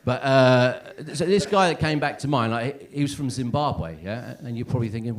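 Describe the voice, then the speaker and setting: Thirties male comic, self-deprecating stand-up patter, swinging pitch all over. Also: animated, moderate pace, hardly any pauses. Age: 30s. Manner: rambling, self-deprecating, lots of "right?" and "yeah?". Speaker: stand-up comedian. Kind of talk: stand-up comedy set. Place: comedy club stage.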